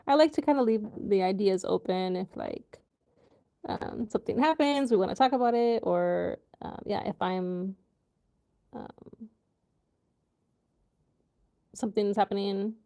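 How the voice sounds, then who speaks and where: A woman from the USA hosts a relaxed livestream from home and talks in a loose, rambling way full of ums and likes. Her voice is mellow and dark, with a gravelly fry underneath. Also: mid-range voice, a little slow, long pauses. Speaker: livestream host. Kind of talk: casual live chat with viewers.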